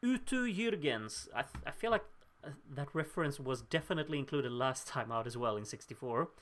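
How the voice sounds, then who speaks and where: A man's voice: medium pitch, animated, fairly quick, a bit bright. Young male streamer host, upbeat and self-mocking, thinks aloud while tallying votes. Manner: chatty and upbeat, laughs at himself, thinks aloud. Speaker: livestream host reading out viewer votes. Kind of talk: casual live watchalong chat.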